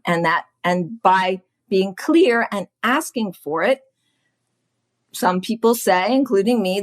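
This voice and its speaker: A woman business coach talking as a podcast guest, chatty and animated, often laughing and acting out what other people say. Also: medium pitch. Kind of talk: casual chat.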